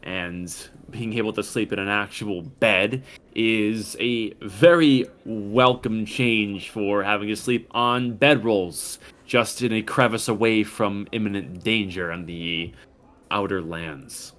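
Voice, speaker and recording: A man running a tabletop game, narrating the story in a measured, descriptive way with occasional pauses. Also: on the low side, fairly even intonation, a bit bright. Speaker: game master.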